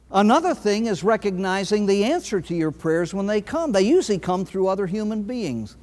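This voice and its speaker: A man, a priest, giving a recovery talk full of anecdotes, telling his stories dramatically with long pauses and sudden emphasis. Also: high voice, sing-song, a little mellow. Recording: long hall reverb.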